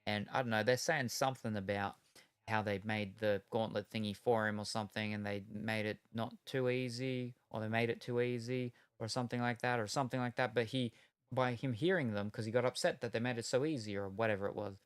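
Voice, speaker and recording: A man's voice: lowish voice, fairly even intonation, fairly quick, clear, resonant tone, no echo. Rambling, chatty man on a dry close mic. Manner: rambling, meandering retelling with many hedges. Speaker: card-opening streamer. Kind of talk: casual chat while opening cards.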